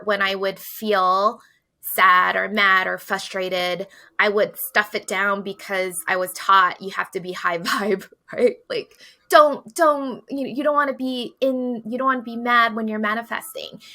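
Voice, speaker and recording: A woman with a bright, clear voice speaks as a podcast guest. She tells stories in an animated way and acts out what she felt in quoted asides. She laughs now and then as she talks. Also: mid-range voice. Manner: animated storytelling, acts out her own quoted feelings, laughs often. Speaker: podcast guest, tarot deck author. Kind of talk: casual spiritual conversation.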